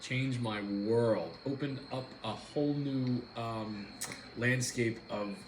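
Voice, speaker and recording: A man's voice: medium pitch, slow. A man hosting a casual live stream over dinner at home, rambling easily and greeting viewers by name. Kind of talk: casual chat while eating dinner. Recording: roomy with clear background noise.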